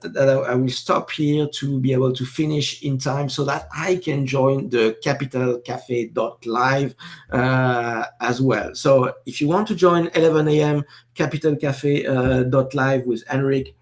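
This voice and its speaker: A man with a French accent hosts a casual live stream. He stops and restarts often, fills gaps with uh and um, and breaks off to answer chat comments. His voice sits at an ordinary middle pitch. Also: fairly even intonation, unhurried. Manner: hesitant, many fillers and restarts, reads chat comments.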